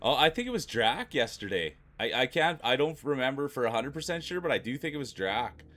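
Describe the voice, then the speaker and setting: A man streaming live from home, chatting casually and warmly with his viewers, greeting them by name and often repeating himself. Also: medium pitch, sing-song, a little fast.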